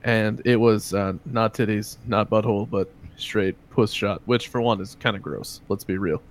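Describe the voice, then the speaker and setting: A man's voice: lowish voice, fairly even intonation, moderate pace. A man talks in a loose chat among friends. He is blunt and profane and rants about customers. He breaks into laughter as he goes. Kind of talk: casual crude chat.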